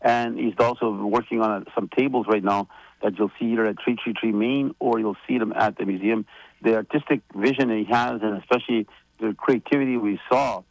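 A man giving community updates on the radio in a rambling, halting way, full of fillers and restarts. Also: fairly low pitch, steady tone, creaky, no echo, poor audio. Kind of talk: casual radio chat.

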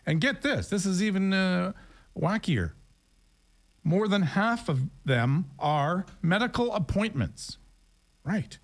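A man's voice: sits high, animated, takes it slowly. A man hosting a radio show, chatting casually and rambling a little between songs. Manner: chatty, rambling, with fillers and asides.

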